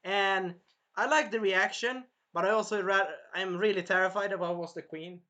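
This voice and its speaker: A man's voice: high-pitched, steady tone, moderate pace, pushed and bright. A man reviewing an anime episode in a casual, rambling recap full of fillers, sounding a bit tired. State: tired, clearing his throat.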